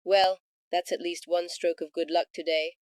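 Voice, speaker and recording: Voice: mid-range voice, fairly even intonation, fairly quick, clear, resonant tone, no echo, lightly acted. A voice actor playing a clever female alien time traveller in an audiobook, speaking wryly. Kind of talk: audiobook character voice.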